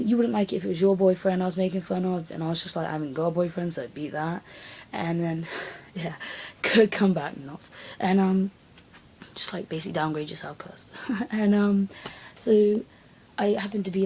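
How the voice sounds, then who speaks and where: Retelling something that happened to her, a teen vlogger rambles and acts out other people's lines with animation. She speaks in a lowish voice with vocal fry and a breathy edge, on a rough recording.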